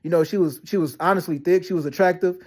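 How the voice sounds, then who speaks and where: A man ranting to camera about being lied about, talking fast with heavy slang, profanity and many restarts. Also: high-pitched. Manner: fast, repetitive storytelling with frequent restarts and "you know what I'm saying". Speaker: vlogger. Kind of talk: rambling personal rant to camera.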